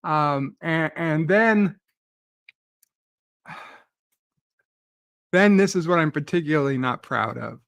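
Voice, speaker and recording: A man's voice: fairly high pitch, slow, gravelly, pauses often, fairly bright tone, no room sound. A man hosting a live stream, retelling a dream in a profane, agitated rant full of stammering restarts.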